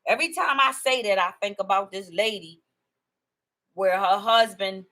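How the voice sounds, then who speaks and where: Bright, excitable woman talking to viewers. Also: medium pitch, moderate pace, low-quality recording. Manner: animated and excitable, laughing and emphatic; rambling storytelling with repetition. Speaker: video host. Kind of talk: casual monologue to viewers.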